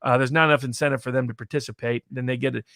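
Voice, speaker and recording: A man talks briskly about polling, words tumbling out with many restarts. His voice sits at a middle pitch and sounds close and dry, with no room around it. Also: fairly even intonation, a bit bright, no echo. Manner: fast, explanatory, with frequent restarts. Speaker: pollster guest. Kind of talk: casual podcast discussion.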